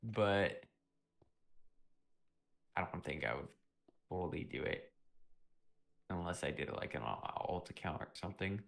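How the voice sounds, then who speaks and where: A young man with a very low, gravelly voice chats casually on a game stream. He rambles through laid-back stories and keeps clearing his throat. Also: very animated, measured pace, pauses often. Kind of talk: casual chat while streaming.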